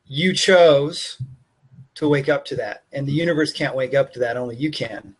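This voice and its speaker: A man, the host and a life coach, reflecting back on a guest's story in a slow, considered way. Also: medium pitch, slightly rough. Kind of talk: coaching conversation.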